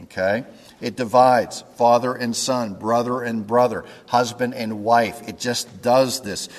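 A male pastor preaching in an easy, conversational way, stopping often to check that his listeners follow. His voice sits at an ordinary middle pitch. The sound carries a long reverb from a large hall. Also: fairly even intonation, unhurried. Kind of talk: sermon.

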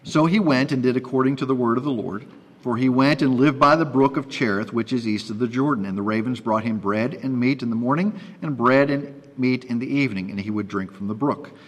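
A man's voice: mid-range voice, fairly quick, highs cut off. A man giving a sermon and reading scripture aloud, breaking off for conversational asides to his listeners. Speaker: preacher teaching from scripture. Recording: long reverb of a hall.

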